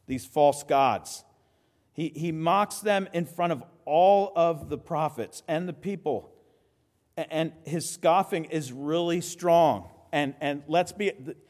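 A man preaching a sermon as pastor, lively and conversational, with quick asides and frequent restarts. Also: a little high, in a large hall.

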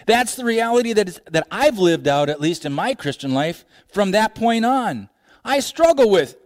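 Male pastor mid-sermon, animated delivery, light pitch that swoops a lot. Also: a little slow. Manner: animated preaching, frequent laughs and rhetorical questions.

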